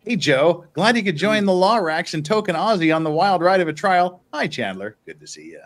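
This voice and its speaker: Lively, joking male stream host. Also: high voice, fairly quick. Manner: jokey, teasing, chuckles often. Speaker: host reading viewer messages. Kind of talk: casual live-stream commentary.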